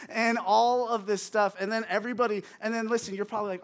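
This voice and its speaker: A young man preaching a sermon through a funny personal story, acting out his childhood yelling and crying. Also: high-pitched, normal speed. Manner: animated, acts out his own yelling and crying for laughs.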